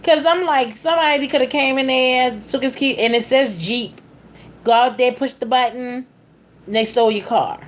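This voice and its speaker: A middle-aged woman telling a rambling story casually, with big jumps in pitch. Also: normal speed, slight background noise. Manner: animated, with big pitch jumps on quoted speech; rambling, with frequent fillers and restarts. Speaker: vlogger.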